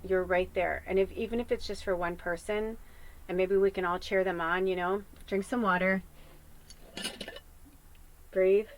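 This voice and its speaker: A woman's voice: medium pitch, fairly even intonation, a little slow, pauses often, low-quality recording. Earnest rambling woman doing a psychic reading. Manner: earnest, emotional, rambling with many fillers. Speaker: psychic tarot reader. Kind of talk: channeled collective reading.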